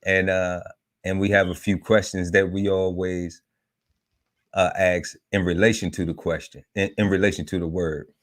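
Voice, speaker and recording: A man with a very low voice opens and steers a live talk show. He talks in a relaxed, informal way, often restarting his sentences. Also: moderate pace. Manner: relaxed, repeats and restarts, leads with set segments. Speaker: podcast host. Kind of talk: casual live podcast hosting.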